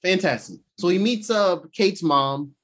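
A man co-hosting a casual chat show, recapping an episode in a loose, profane way, jumping between his own voice and quick acted-out paraphrases of characters. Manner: animated pitch swings, excitable. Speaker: podcast co-host recapping episodes.

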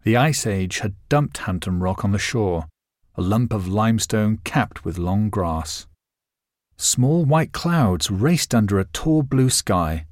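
Here a man narrates a novel as an audiobook narrator, with expressive, scripted storytelling whose pitch shifts freely and colorfully line by line. The recording sounds dry and close, free of room echo.

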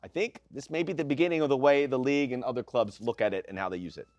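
A man co-hosting a sports podcast, talking in a casual, animated and opinionated way. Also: mid-range voice, fast talker, no room sound, muffled recording. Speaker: podcast co-host.

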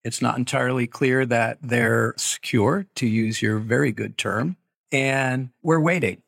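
A middle-aged man, an archaeologist, answering interview questions in a measured, explanatory way with hedging asides. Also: mid-range voice, creaky, fairly bright tone, breathy edge, dry recording, studio quality. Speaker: archaeologist guest.

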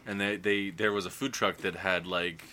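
A man in his thirties co-hosting a podcast, trading sarcastic, deadpan jokes in casual banter and laughing often. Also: low-pitched, moderate pace, a little hiss or hum. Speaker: podcast co-host.

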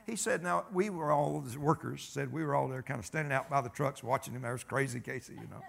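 Man, pastor, sermon, raspy fry, folksy emphatic storytelling. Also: medium pitch, fast talker, few pauses. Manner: folksy and emphatic, calls for amens, tells stories.

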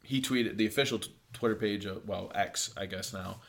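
A man, chatting casually as a podcast co-host, swearing a lot and telling animated stories. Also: lowish voice, normal speed, creaky. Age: 20s. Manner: swears a lot, animated storytelling with loud put-on shouts. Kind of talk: casual chat.

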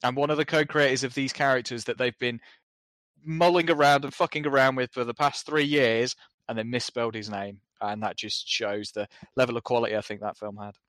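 A man on a film podcast, chatting casually and grumbling about films he dislikes. His voice sits at an ordinary pitch, recorded dry and close with no room sound. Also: steady tone, a little fast, a bit bright, no room sound. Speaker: podcast co-host.

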